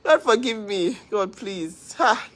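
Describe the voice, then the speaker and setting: A woman chats on a livestream in an earnest, caring way. She gives her viewers advice and thanks them as she goes. Her voice sits at a middling pitch. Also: animated, takes it slowly, rough recording. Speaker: livestream host. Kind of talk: casual livestream chat.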